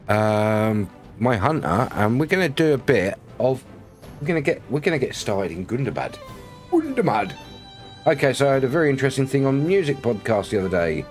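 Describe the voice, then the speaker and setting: A man from Britain chatting casually on a game live stream, rambling, laughing often and greeting viewers by name. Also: lowish voice.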